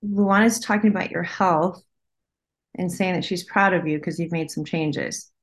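A woman working as a medium, passing on messages in casual conversation and often pausing to listen. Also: lowish voice. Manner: hesitant, breaks off to listen. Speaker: psychic medium.

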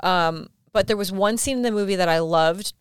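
A chatty woman co-host talks easily about what she thinks, with a teasing edge. She has a mid-pitched voice that is smooth and very clear. The recording is close and dry. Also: moderate pace, no room sound. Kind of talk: casual chat.

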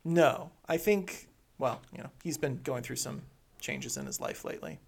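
A man's voice: mid-range voice, animated, normal speed, vocal fry. A man co-hosting a casual gaming podcast, prompting guests and slipping in dry, teasing jokes. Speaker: podcast co-host.

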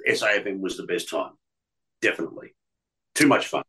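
A man's voice: low-pitched, animated, fairly quick, pushed and bright, husky, low-quality recording. A middle-aged man, a radio presenter, telling stories from his career in a rambling way, with many restarts and fillers. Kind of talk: casual storytelling interview.

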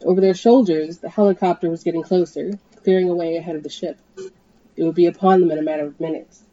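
A woman reading a tense story aloud, her voice rising to shouts in the dramatic scenes. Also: on the low side, fairly even intonation, quick pace, no room sound, muffled recording. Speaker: podcast host and story reader.

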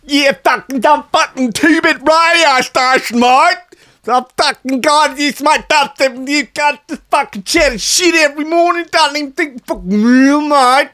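Shrill brash Australian bloke. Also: male voice, measured pace, pushed and bright, heavily acted. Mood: ranting. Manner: swears constantly, ends lines with "mate". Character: loud brash young Australian man, crude.

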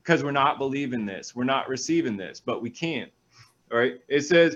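A man, a pastor, reading scripture aloud and breaking off into energetic, animated stories with quick asides. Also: mid-range voice, lo-fi sound. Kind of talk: reading scripture and preaching in a talk show.

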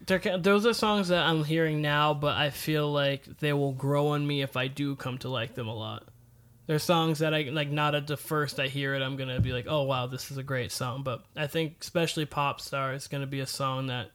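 A man co-hosting a podcast, chatting casually with relaxed restarts and fillers. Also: a little high, clear, resonant tone. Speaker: podcast co-host. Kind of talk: casual chat.

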